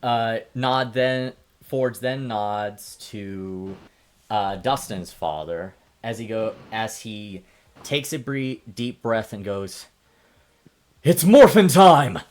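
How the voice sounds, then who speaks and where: Slow, deliberate male game master. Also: fairly low pitch, steady tone, slight background noise. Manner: slow, deliberate narration with rising emphasis on speeches. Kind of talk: narrating a tabletop game.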